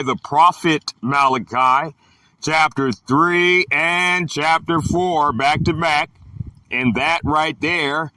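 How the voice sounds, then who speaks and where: A man's voice: fairly high pitch, pushed and bright, no room sound. A man reading scripture aloud and preaching live from a park, drawing out each phrase in a fervent, declaiming way. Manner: drawn-out, declaiming, fervent exhortation. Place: outdoors in a park.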